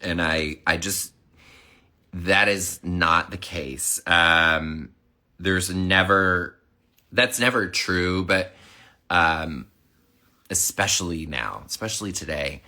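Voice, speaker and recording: A man in his thirties who is sick and hoarse, chatting casually and rambling through a livestream. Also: low-pitched, pushed and bright. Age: 30s. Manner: rambling, chatty, lots of fillers. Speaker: livestream host.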